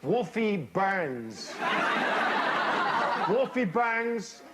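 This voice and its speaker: A man giving a comic fairy-tale reading to a live audience, deadpan, with odd pauses and dry asides. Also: high-pitched, heavy background noise. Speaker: storyteller. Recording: live stage reading, loud audience laughter.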